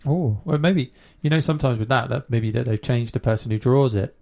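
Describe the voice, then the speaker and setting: A man hosting a casual podcast chat with children, asking gentle questions with many ums and uhs. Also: mid-range voice, fairly quick, creaky. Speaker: host.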